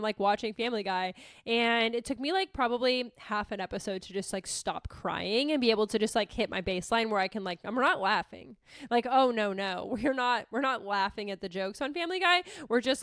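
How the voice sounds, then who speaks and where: Profane, animated woman podcaster. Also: fairly high pitch, clear, resonant tone, no echo, clean studio sound. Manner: profane, animated, self-mocking. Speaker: podcast host, therapist. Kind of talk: candid casual monologue.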